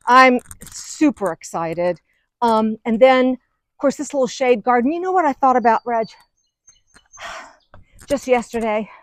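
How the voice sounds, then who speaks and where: A middle-aged woman hosting a gardening vlog, chatting excitedly as she walks through her outdoor garden. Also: a little high, no room sound. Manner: chatty, excitable, gushing over plants. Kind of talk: casual garden walk-through.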